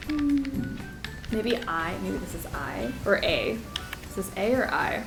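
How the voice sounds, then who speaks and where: Lively-voiced woman streaming a puzzle game. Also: mid-range voice, takes it slowly, roomy sound, over music, rough recording. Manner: chatty, thinks aloud while solving puzzles. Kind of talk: casual gameplay commentary.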